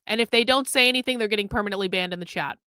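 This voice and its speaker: A woman's voice: medium pitch, very fast, sharp tone, clean tone, no room sound. A woman hosting a livestream, bluntly scolding viewers in the chat with heavy profanity. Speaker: livestream host.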